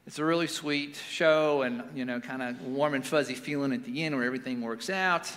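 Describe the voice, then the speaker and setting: A man in his forties, a pastor giving a sermon in a relaxed, storytelling way with casual fillers. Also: medium pitch, fairly quick. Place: church sanctuary. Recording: long reverb of a large hall.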